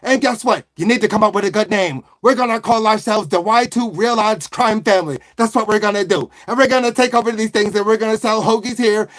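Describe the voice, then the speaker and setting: A man's voice: high-pitched, fairly bright tone. A man putting on an Italian-American accent, playing a bossy, boastful male mob boss who scolds his crew. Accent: put-on Italian-American.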